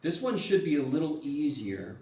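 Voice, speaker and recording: A man's voice: on the high side, normal speed, recorded from a distance. Male math lecturer, loose and jokey with salty language, recorded from across an echoey classroom with faint room hum. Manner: casual, joking, swears freely, animated.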